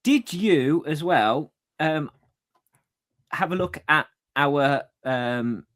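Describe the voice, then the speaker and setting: A man's voice: fairly high pitch, very slow, fairly bright tone. Encouraging man, podcast co-host. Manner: encouraging, short interjections. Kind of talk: casual chat.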